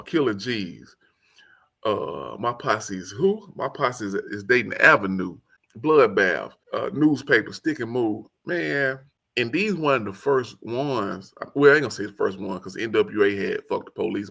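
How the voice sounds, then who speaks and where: Gravelly Southern man reviewing an album. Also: on the low side. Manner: excitable, rambling, quotes lyrics in song voice. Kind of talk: casual solo commentary.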